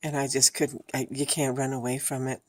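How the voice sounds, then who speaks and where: Very low husky exhausted woman. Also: flat delivery, a little fast. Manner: emotional, blunt, swears freely. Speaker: vlogger. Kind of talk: candid personal vlog.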